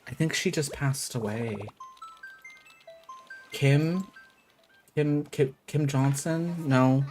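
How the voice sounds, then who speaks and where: Male streamer, mid-pitched, casual rambly chat, game music behind. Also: slow, a little mellow. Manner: chatty, rambling, lots of "like" fillers. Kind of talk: casual live-stream chat while gaming. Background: background game music.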